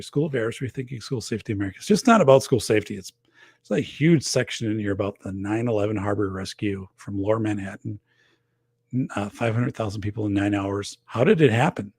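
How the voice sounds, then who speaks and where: Middle-aged male host, dry close sound, gravelly tone, rambling casual chat, losing his voice. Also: on the low side, quick pace, darkish tone, no echo. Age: 40s or older. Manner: rambling, loose, lots of fillers. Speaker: podcast host. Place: home office.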